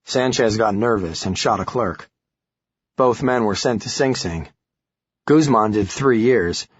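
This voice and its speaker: Low husky male audiobook narrator. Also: measured pace, no echo, dull audio. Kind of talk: first-person thriller narration.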